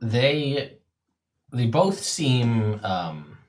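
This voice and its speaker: A man's voice: medium pitch, big pitch swings, drawn-out words. Man running a tabletop game, hesitant. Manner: casual, hesitant, lots of ums. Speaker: game master.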